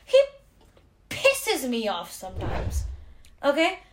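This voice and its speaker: A young woman hosting a casual pop-culture podcast, talking in an animated, sarcastic way with quick asides. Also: high voice, background noise. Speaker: podcast host.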